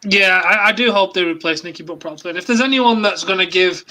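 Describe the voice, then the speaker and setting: A man hosting a football fan discussion on a video call, lively and steering the chat between panelists. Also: high voice, fast talker, slight background noise, low-quality recording. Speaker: show host.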